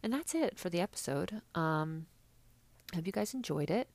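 A woman's voice: lowish voice, expressive, moderate pace, darkish tone, no room sound. A young woman chatting casually and sarcastically as a podcast host, with many fillers. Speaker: podcast host recapping reality TV. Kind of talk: casual chat.

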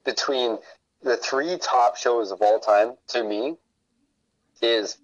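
A man's voice: mid-range voice, takes it slowly, dry recording, low-quality recording. A man, a podcast guest, in casual chat, telling stories in a rambling, profane way.

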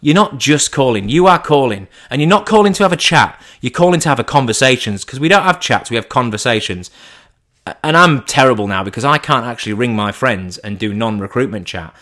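A man talking casually in a monologue, animated and swearing, acting out mock phone calls in different voices. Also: mid-range voice, brisk.

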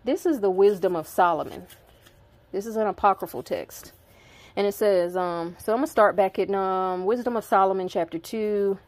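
A woman's voice: medium pitch, normal speed, darkish tone, no echo. A woman reading Bible verses aloud and breaking off to explain them in casual asides. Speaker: preacher reading scripture. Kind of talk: informal Bible reading with commentary.

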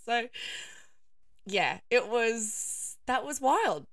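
A young woman hosting a casual solo podcast, her voice croaky and hoarse, chatting with lots of fillers and frequent laughter. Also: on the high side, sing-song, slow pace, pauses often, a bit bright, no echo, studio quality. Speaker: podcast host.

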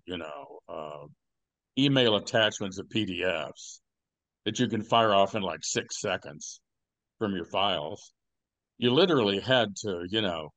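An older man hosting a podcast, telling rambling stories with deadpan jokes and lots of fillers. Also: on the low side, no echo. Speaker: podcast host. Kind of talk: casual podcast chat.

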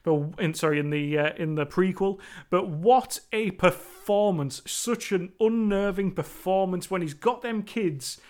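High-voiced, emphatic man reviewing films. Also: measured pace, a little mellow. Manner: emphatic and enthusiastic, with frequent restarts and self-corrections. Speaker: horror film reviewer. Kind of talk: opinionated solo film review.

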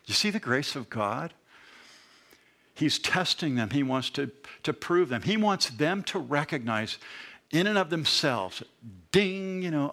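A middle-aged man preaching a sermon to a congregation, explaining scripture in a conversational way with animated asides. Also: fairly high pitch, a little slow. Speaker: pastor.

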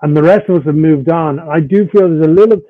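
Wry rambling Irish comic, slightly higher voice, dull dry recording. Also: male voice, fast talker, dry recording. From Ireland. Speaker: guest comedian. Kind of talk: casual chat.

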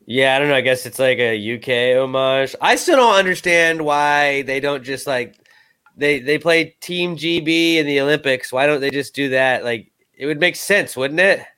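A man's voice: medium pitch, moderate pace, bright, forceful tone, clear, resonant tone. A young man co-hosting a podcast in casual chat, laid-back and slangy, rambling with lots of fillers. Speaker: podcast co-host.

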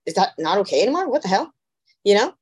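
A woman with a slightly husky, breathy edge chats as podcast co-host. She tells stories animatedly and slips into the voices of the people she quotes. The tone is casual and conversational. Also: medium pitch, big pitch swings, fast talker, a little mellow. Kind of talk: casual chat.

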